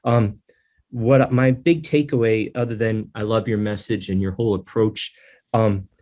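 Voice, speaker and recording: A man co-hosting a podcast, speaking in a halting, heartfelt way with many fillers. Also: on the low side, fairly even intonation, darkish tone. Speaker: podcast co-host. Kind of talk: casual podcast chat.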